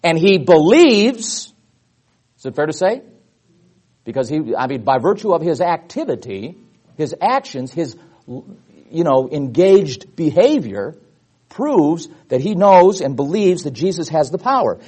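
A man's voice: a little high, a little slow, breathy edge. A man preaching a Bible teaching sermon to his congregation, acting out the voices of people in the stories. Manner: animated, acts out voices in the stories.

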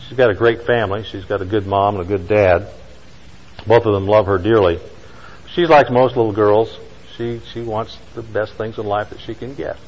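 A man preaching a sermon, telling a story with emphatic lines and slow, quiet stresses. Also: on the low side, big-room sound, dull audio. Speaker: pastor.

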